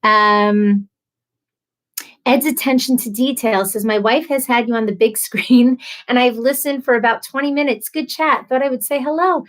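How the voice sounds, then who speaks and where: A woman's voice: a little high, moderate pace. A woman hosting a casual live stream, reading viewer comments aloud, chatty and emotional, laughing often and stumbling over names.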